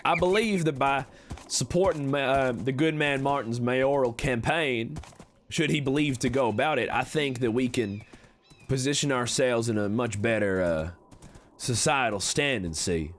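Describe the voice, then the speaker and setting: A man's voice: mid-range voice, moderate pace, slight background noise, lightly acted. A man playing a slick cowboy conman in a game roleplay stream, speaking in a put-on American Western drawl with folksy, wheedling salesman patter. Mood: scheming. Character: slick smooth-talking cowboy conman, adult male.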